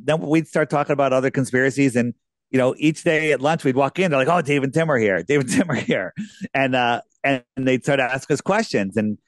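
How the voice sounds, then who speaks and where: A man's voice: medium pitch, no room sound, clean studio sound. A man being interviewed as a guest, telling casual, rambling anecdotes with lots of restarts.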